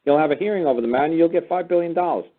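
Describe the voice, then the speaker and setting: Male call-in host: brusque, swearing lecturer, talks quickly, tinny phone-line quality. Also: fairly high pitch. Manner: blunt, profane and lecturing. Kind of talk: call-in radio talk. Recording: phone-like narrow sound.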